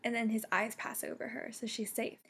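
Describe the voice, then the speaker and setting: A young woman reviewing a book casually, excitable and full of fillers and restarts. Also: on the high side, fairly quick, breathy edge. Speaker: book vlogger.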